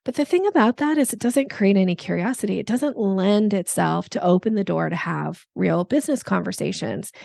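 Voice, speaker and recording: A woman sales coach speaking as a podcast guest, explaining with lively examples and putting on playful voices. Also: medium pitch, gravelly, no echo, studio quality. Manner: animated, acts out voices in examples. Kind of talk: podcast interview.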